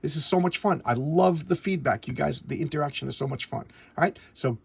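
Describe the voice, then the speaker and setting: A middle-aged man casually reviewing an old comic book, rambling and animated, acting out bits of dialogue as he goes. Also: on the high side, brisk, creaky, husky.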